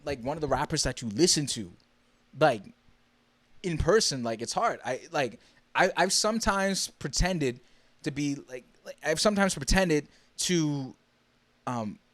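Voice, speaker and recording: A young man from the Bahamas hosting a podcast alone, telling a story in a casual, excitable way with many fillers and restarts. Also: medium pitch. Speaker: podcast host.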